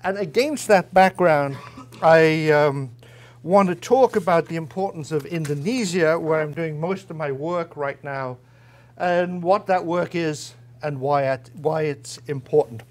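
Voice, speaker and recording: Wry, higher-voiced male lecturer. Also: unhurried. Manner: wry, conversational, with frequent hesitations. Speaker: guest lecturer. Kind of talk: academic lecture with humor. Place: university lecture room.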